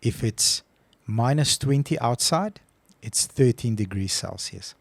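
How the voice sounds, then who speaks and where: A man's voice: medium pitch, lively intonation, a little slow, vocal fry, dry recording. A man co-hosting a casual podcast who tells stories with animation and acts out his phone calls. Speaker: podcast co-host. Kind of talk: casual chat.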